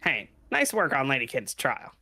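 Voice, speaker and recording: A man's voice: mid-range voice, huge pitch swings, moderate pace, sharp tone, full character voice. A man voicing a chatty, snide male guard character in a game.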